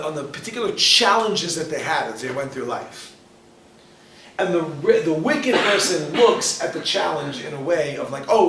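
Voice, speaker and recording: Joking rabbi teaching a live class. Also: male voice, a little high, fairly bright tone. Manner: joking, questions the audience directly. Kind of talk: lively class to a live audience. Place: lecture hall with audience. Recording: roomy, distant mic, faint ambience.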